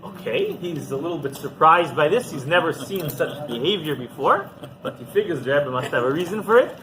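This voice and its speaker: A rabbi telling a story in a conversational sermon, halting and repeating himself as he goes. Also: a little high, lively intonation. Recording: noisy background.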